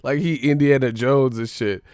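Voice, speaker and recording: A man's voice: medium pitch, steady tone, moderate pace, darkish tone, clean tone, no echo, clean studio sound. Crude, slangy young man streaming. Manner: swearing, laughing, mocking chat, slangy. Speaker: live-stream host. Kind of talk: crude casual live-stream chat.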